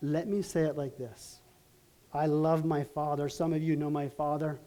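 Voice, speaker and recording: A middle-aged man preaching a sermon as pastor, telling stories in an earnest, halting way with many restarts. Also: on the high side, steady tone, dark tone.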